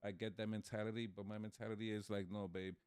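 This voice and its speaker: A man's voice: fairly low pitch, level tone, fast talker, a little mellow, clean tone, no echo, studio quality. A man co-hosting a casual podcast chat, hesitant and full of restarts, ums and laughter. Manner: laughs while telling stories. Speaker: podcast co-host.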